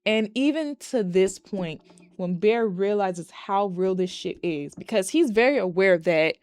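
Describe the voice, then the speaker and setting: A woman's voice: medium pitch, expressive, a little slow, a little mellow, smooth, dry recording, clean studio sound. A young woman casually recapping and reviewing a movie, chatty and profane, retelling scenes dramatically.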